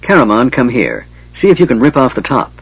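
Male reader doing half-elf leader, commanding, hurried, slightly higher than his narration. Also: huge pitch swings, vocal fry, husky, dry recording, highs cut off, full character voice. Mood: urgent. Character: young half-elf leader, urgent and firm.

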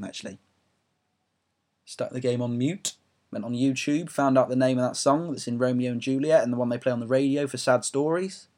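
A man's voice: medium pitch, a little mellow. A young English man ranting about football on his own audio blog, rambling, self-mocking and swearing freely. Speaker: football fan blogger.

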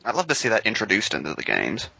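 Man, casual movie commentary, wry deadpan jokes, bright tone, dry lo-fi recording. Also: lowish voice, fast talker, gravelly, a little hiss or hum.

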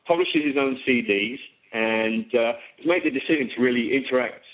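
A man's voice: medium pitch, moderate pace. A middle-aged man speaking on a phone seminar, talking casually with many ums and restarts. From Britain. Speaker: teleseminar guest. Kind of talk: conversational phone seminar talk. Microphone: phone call. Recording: dull lo-fi call audio.

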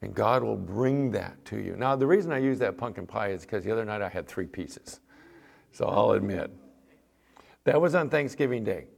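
A man's voice: fairly low pitch, lively intonation, normal speed, vocal fry. A middle-aged man preaching a sermon, talking in a conversational, folksy way and telling stories from his own life. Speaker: pastor.

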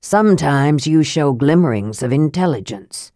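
A woman's voice: sits low, lively intonation, normal speed, dark tone, no echo, clean studio sound. A woman reading an audiobook aloud and voicing a frail young male mage who speaks in a cold, clipped, precise way. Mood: dry. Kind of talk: audiobook dialogue.

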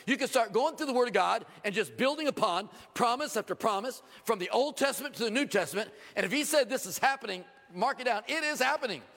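Male pastor, middle-aged, sermon, animated, raspy and high, long reverb of a large hall. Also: fast talker, few pauses. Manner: animated preaching, acting out quoted voices with sudden jumps in pitch.

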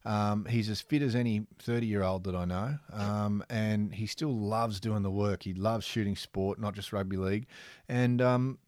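A man's voice: lowish voice, fairly even intonation, moderate pace, a little mellow, dry recording. An Australian man, a sports photographer, chatting on a podcast in a laid-back, matey, rambling way. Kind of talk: casual podcast chat.

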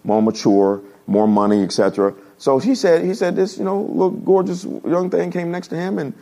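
A man preaching a humorous storytelling sermon to his congregation, animated and laughing at his own stories. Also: on the high side, moderate pace, gravelly. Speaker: pastor. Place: church service before a congregation.

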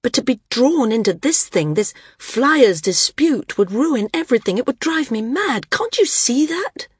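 A woman's voice: fairly high pitch, big pitch swings, measured pace, slightly rough, no echo, studio quality, pitched above the performer's own voice, exaggerated voice. A woman voicing an anguished older ex-flyer. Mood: distraught. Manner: pleading, bitter, rising to distress.

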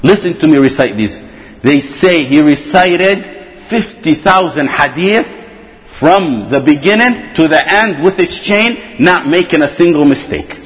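A man giving an animated religious lecture to students, telling stories and acting out what people said. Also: on the high side, a little slow, long reverb tail, highs cut off. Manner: animated, acts out quoted speech, frequent restarts. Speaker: religious teacher.

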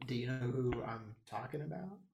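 A man's voice: mid-range voice, animated, moderate pace, creaky, a little mellow. A man hosting a live show, chatting casually with crude jokes and banter. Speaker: podcast host. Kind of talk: casual live-stream chat.

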